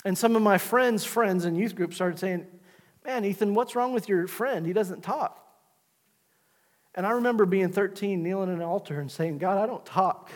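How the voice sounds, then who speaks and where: Middle-aged man, pastor preaching, high voice, repetitive urging, long church reverb. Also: normal speed. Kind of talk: sermon. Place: church sanctuary.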